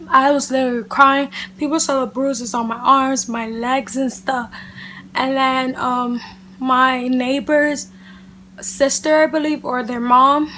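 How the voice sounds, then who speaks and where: A woman vlogger telling a casual storytime to camera, animated and chatty, leaning on "like" and "literally". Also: sits high, a little hiss or hum. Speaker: beauty vlogger.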